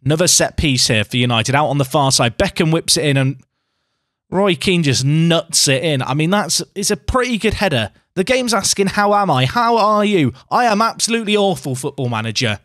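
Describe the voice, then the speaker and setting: Animated man commentating a game. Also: fairly high pitch, a little fast, dry recording, clean studio sound. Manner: animated, self-mocking, talks to the game. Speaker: gaming YouTuber. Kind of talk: casual gameplay commentary.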